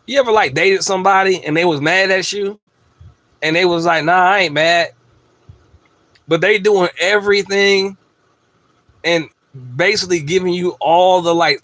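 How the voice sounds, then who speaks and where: Male host, profane emphatic rant, slightly high pitch, dry recording. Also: a bit bright, no room sound. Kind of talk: ranting monologue.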